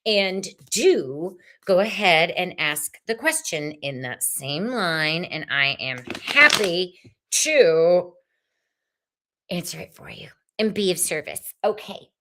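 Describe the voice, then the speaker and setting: A woman's voice: lowish voice, lively intonation, slow pace, a bit bright. A woman hosting a live tarot reading stream, chatting casually and effusively with viewers as she pulls cards.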